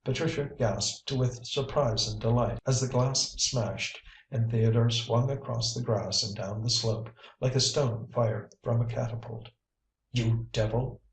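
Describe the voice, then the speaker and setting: A man narrating an audiobook in an even, measured reading. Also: medium pitch. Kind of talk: scripted narration. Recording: roomy, distant mic.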